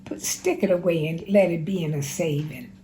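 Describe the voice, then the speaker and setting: A woman in her nineties, plainspoken and unhurried, recounting her life and giving advice in an interview. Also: lowish voice, mellow, slight background noise, low-quality recording. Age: 90s. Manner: slow, plainspoken, unhurried storyteller. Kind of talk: casual spoken reminiscence.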